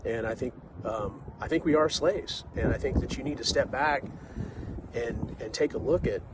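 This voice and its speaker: A man's voice: mid-range voice, normal speed, very noisy. A man in his forties talking casually to the camera in a rambling way, full of fillers, restarts and "right?" asides as he reflects on life. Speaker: vlogger.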